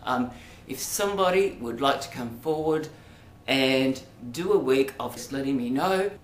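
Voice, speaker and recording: A man's voice: mid-range voice, lively intonation, unhurried. An Australian man vlogging in a rambling, hesitant monologue full of ums and asides. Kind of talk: casual monologue to camera. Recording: roomy echo, faint background noise.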